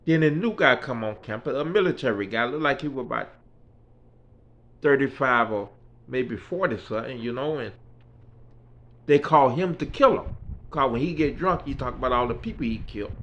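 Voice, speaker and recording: A man's voice: medium pitch, expressive, normal speed, pauses often, a bit bright, lo-fi sound. A man telling his life story in a casual, rambling way, with frequent fillers. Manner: rambling, fillers like "you know" and "right".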